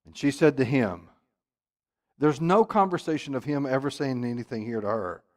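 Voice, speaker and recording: A man leading a church Bible study, emphatic, jumping from loud exclamations to quiet asides. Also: mid-range voice, lively intonation, moderate pace.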